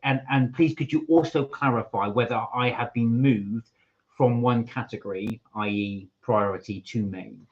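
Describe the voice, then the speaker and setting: A man co-hosting a casual live stream, rambling through viewer comments with plenty of hesitant fillers. His voice sits at an ordinary middle pitch. The audio is a little dull and lo-fi. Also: normal speed, darkish tone. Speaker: channel co-host.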